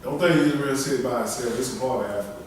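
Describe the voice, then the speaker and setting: A man's voice: mid-range voice, fast, heavy reverb, far from the mic, a little hiss or hum, poor audio. A man preaching a sermon with emphatic delivery, calling on a reader to read scripture aloud. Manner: emphatic, preaching in dialect with call-and-response to a reader.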